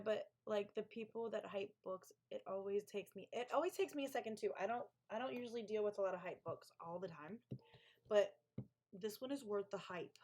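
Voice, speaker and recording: A woman with a mid-range, slightly mellow voice gushes and chats on a live stream. She's an author hosting a co-working stream, keeping the casual talk going and answering the chat aloud.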